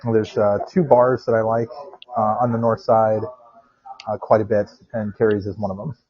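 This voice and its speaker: Over dull, lo-fi phone audio, a podcast co-host chats casually while walking outside and then stepping into a quiet bar. His voice is fairly low and flat, at a normal speed. He's a rambling storyteller who laughs a lot as he goes.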